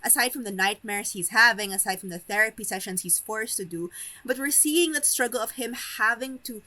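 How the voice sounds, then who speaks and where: A woman's voice: fairly high pitch, fairly quick, pushed and bright. A woman co-hosting a casual recap chat, steering the topics and explaining her thoughts. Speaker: podcast co-host.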